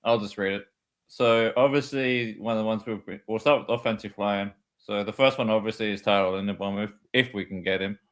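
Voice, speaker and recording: A man's voice: fairly low pitch, fairly even intonation, a little fast, a bit bright. A man on a podcast methodically reading player statistics from a spreadsheet in a casual discussion. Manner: methodical, reads figures from a spreadsheet. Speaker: podcast co-host.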